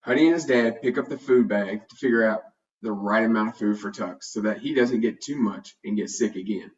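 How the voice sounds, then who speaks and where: A man narrating a children's storybook in a steady, plain reading voice. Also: lowish voice, brisk. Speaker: storybook reader. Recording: dull, distant home recording.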